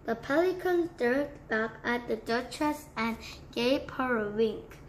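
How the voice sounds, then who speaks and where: A woman reading a children's book aloud in a slow, careful way. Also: on the high side, expressive, slight background noise. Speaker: book reader.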